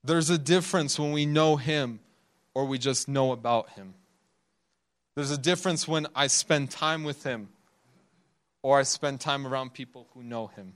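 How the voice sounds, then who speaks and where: A man's voice: mid-range voice, moderate pace, fairly bright tone. A young man preaching a sermon in a conversational way, laughing often and acting out the people in his stories. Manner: conversational, laughs often, acts out quotes in the story.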